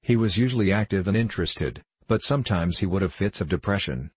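Deep, husky male audiobook narrator. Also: lively intonation, fairly quick, dry recording. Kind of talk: scripted narration of a novel.

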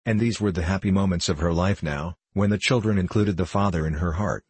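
A man narrates a novel in a steady, measured audiobook reading. His voice is very deep and a little husky. The recording is dry and close. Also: no room sound.

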